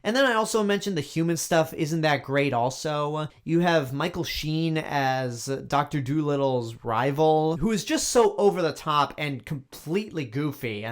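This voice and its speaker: A man's voice: on the high side, animated, unhurried, few pauses. A man giving an opinionated movie review in a blunt, exasperated manner, leaning on emphatic repetition. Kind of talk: opinionated film review monologue.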